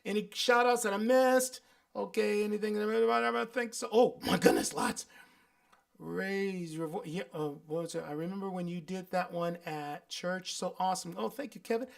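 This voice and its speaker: A man's voice: sits high, moderate pace, creaky. Male host of a live music stream, affirming and chatty as he reads comments to viewers. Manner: sings and hums playfully. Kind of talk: livestream sign-off chat.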